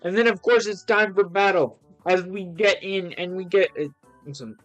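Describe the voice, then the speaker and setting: A man casually reviewing comics on a live stream, excitable and rambling with lots of ums and restarts. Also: high voice, moderate pace, faint music behind, low-quality recording.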